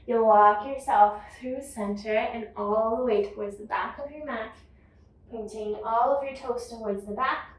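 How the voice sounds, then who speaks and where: Slow, calm woman cueing yoga in an echoey room. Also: a little high, recorded from a distance. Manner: calm, unhurried cueing of breath and movement. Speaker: yoga teacher. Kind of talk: guided yoga class instruction.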